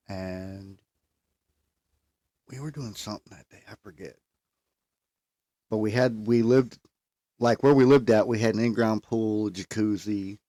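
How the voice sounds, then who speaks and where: A man's voice: lowish voice, warm tone, no room sound. A man casually telling a funny family story, laughing often as he goes. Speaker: storyteller guest.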